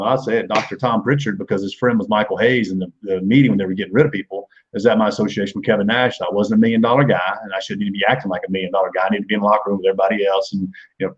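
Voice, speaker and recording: A man's voice: lowish voice, dull audio. A man in his forties, a former wrestler and guest, telling rambling, profane backstage stories in a casual chat and laughing along the way.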